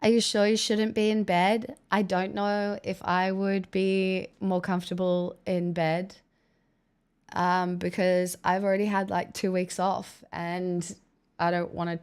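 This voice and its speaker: A woman's voice: on the low side, level tone, a little slow, clear, resonant tone. A woman chatting casually on a livestream, thanking viewers with wry asides while recovering from an illness and coughing now and then.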